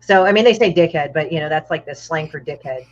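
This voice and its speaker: Lowish-voiced woman, blunt and profane, casual chat on lo-fi call audio. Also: quick pace. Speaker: guest comic artist.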